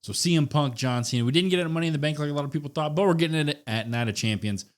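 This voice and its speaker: A man's voice: on the high side, very fast. A man co-hosting a podcast, giving a laid-back but enthusiastic casual wrestling recap. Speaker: podcast co-host.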